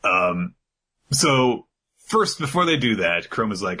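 A man casually recapping an anime episode on a podcast, animated and laughing as he goes. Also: on the low side, takes it slowly, husky. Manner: animated, laughing, slips into character voices. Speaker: podcast co-host.

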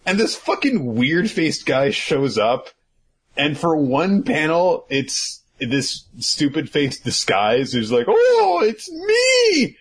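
A young man casually recapping a manga, animated and swearing, acting out the characters. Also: medium pitch, slow, slightly rough.

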